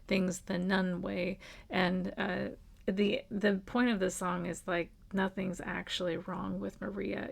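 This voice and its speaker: A woman with a gravelly, fry-laden voice gives a casual tarot reading at home. Her pitch stays fairly even as she speaks in an earnest, reassuring way. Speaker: tarot reader. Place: at home with a dog.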